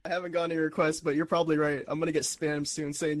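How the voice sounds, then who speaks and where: A man who makes shirts, chatting casually and in a relaxed way on a podcast. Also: on the high side, fast talker. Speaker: shirt creator.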